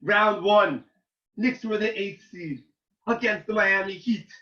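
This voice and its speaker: A man, a rabbi, giving an animated informal talk to students, getting loud and excited as he tells a story. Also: sits high, slow pace. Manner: excitable, shouts and cracks when reliving a game. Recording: roomy, distant, dull lo-fi sound.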